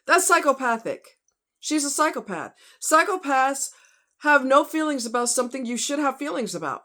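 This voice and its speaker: A woman's voice: sits high, sing-song, normal speed, sharp tone. A woman hosting a casual true crime vlog, talking bluntly and heatedly to her viewers. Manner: blunt, outspoken, fired-up; talks to viewers as y'all and honey.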